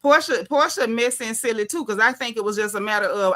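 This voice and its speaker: A woman talks straight to her viewers about a reality show, sassy and emphatic. Her voice is bright and sits a little high. She leans on her punchlines and repeats them for effect. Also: fast, hardly any pauses. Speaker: reality TV commentary vlogger. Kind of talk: casual reality TV commentary.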